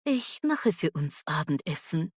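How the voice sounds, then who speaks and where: Brief: woman as gentle grandmother for a learning app, slow clear lines, lively lilt, soft breathy tone. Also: low voice, exaggerated voice. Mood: calm.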